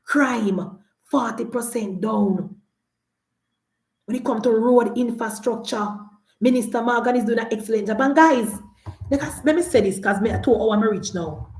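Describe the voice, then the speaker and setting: A woman's voice: fairly high pitch, moderate pace. Scolding Jamaican woman in an echoey room. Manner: animated, scolding, mocking. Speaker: political commentator. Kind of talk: political rant to camera.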